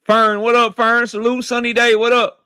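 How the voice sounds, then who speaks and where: A man hosting a boxing livestream who greets viewers by name in loud, slangy, profane banter. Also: extremely high pitch, monotone, moderate pace, clear, resonant tone, no echo, studio quality. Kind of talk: casual livestream chat, shouting out viewers.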